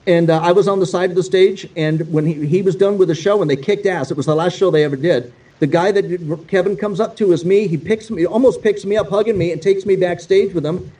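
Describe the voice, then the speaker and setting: A male guest guitarist telling stories in a casual, animated, profane way, acting out the dialogue he quotes. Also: high-pitched, brisk, distant mic, poor audio. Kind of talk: casual storytelling.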